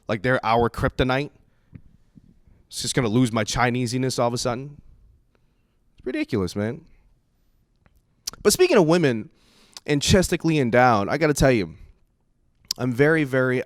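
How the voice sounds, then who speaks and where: A man doing a stand-up comedy set, telling stories in an animated way and jumping into put-on voices. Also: medium pitch, no echo, studio quality.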